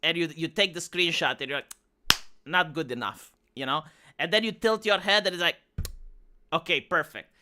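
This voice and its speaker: A man's voice: high-pitched, animated, fast, background noise. A man live streaming, talking casually and sarcastically to his chat with frequent stammered restarts. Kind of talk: casual rambling stream talk.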